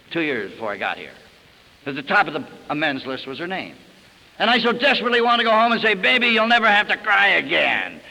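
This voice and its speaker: A middle-aged man tells stories to a recovery meeting in a fairly high, very bright voice, laughing at himself along the way. He goes quiet and low when the stories turn sad. He is heard on an old recording from a hall with a long echo. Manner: folksy storytelling, chuckling, dropping low and soft for sad memories. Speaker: AA speaker. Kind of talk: recovery talk to an audience. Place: conference hall. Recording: old 1971 tape in a hall.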